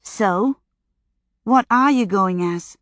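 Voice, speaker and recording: A woman's voice: mid-range voice, slow pace, fairly bright tone, dry recording, studio quality. Woman doing a gushing young American flapper. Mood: eager. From Chicago. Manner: gushing, eager and brash. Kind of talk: audiobook character voice.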